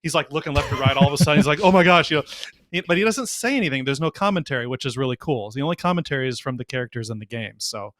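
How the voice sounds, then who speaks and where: A man co-hosting a podcast, keen and detailed as he explains what he's been into lately. His voice sits at an ordinary pitch and sounds dry and close to the mic. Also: lively intonation, very fast, fairly bright tone, no echo. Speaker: podcast co-host. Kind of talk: casual chat.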